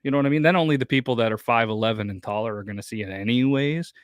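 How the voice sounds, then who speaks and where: A man's voice: medium pitch, rapid-fire, no echo. A man co-hosting a live stream, chatting casually with dry, self-mocking humor. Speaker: co-host. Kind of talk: casual chat.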